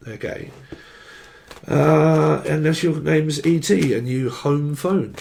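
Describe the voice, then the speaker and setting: A man with a slightly high voice and a rough, crackly edge does a casual tarot reading. He talks in a playful, crude ramble and wanders off into jokes. The fry runs through his speech. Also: a little slow, a little mellow. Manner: playful, crude, jumps into silly put-on voices and bits. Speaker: tarot reader.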